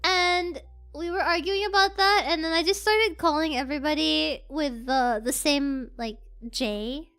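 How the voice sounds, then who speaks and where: Very high, bright, giggly streamer. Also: a little slow. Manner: giggly, greets chat members by name. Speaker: live streamer. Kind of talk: casual live-stream chat.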